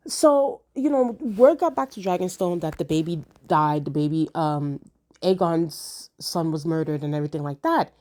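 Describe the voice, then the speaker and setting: A woman's voice: deep voice, expressive, moderate pace, darkish tone. A woman chatting casually as she reviews a TV episode, slangy and repeating lines for emphasis. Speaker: TV show reviewer.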